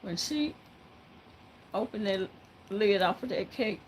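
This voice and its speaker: A woman telling a story to viewers in a halting, casual way, breaking into frequent laughter. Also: medium pitch, lively intonation, slight background noise, low-quality recording. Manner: laughs often, halting with many fillers.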